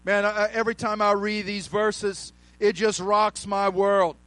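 A man preaching a sermon, calling out to the congregation and rising to shouts, with slow, drawn-out emphasis on key words. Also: sits high, level tone, no echo, low-quality recording.

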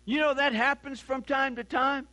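A man's voice: very high-pitched, steady tone, normal speed, sharp tone. An older man, a pastor, preaching a sermon with impassioned repetition and frequent restarts.

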